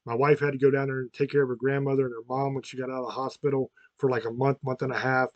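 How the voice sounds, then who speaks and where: A man's voice: medium pitch, level tone, very fast, no echo, lo-fi sound. A man in his fifties hosting a podcast, talking in a frank, rambling and profane way, often restarting his sentences. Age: 50s. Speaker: podcast host. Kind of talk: casual chat.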